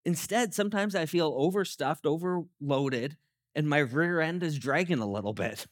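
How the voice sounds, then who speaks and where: A man's voice: on the high side, no echo, studio quality. A man in his thirties preaching a sermon as pastor, conversational and self-deprecating, telling stories from family life.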